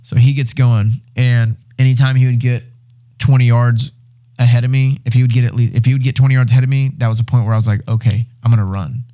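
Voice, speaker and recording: A young man, a podcast guest, excitedly retelling a survival story in casual, animated talk with swearing and restarts. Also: medium pitch, fast. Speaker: podcast guest, reality show winner.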